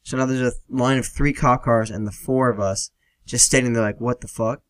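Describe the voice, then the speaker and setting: A young man hosting a podcast alone, telling a personal story in a casual, profane, animated way and acting out the other people in it. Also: medium pitch, normal speed, dry recording. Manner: profane, animated retelling with quoted dialogue. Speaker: podcast host.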